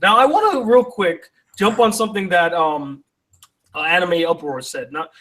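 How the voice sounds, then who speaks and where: A man hosting a live online debate, casual and joking, quick to interrupt and push back. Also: on the high side, a bit bright, poor audio. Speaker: debate host.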